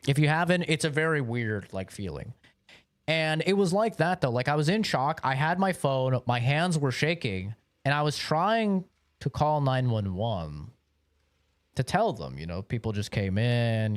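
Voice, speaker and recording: A young man streaming live, telling a story in a rambling, swear-heavy way with a mid-pitched voice that swings widely up and down. His words stay padded with "like" and "bro", and the sound is dry and close with no room echo. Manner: rambling, profane, lots of filler like "like" and "bro". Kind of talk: casual livestream storytelling.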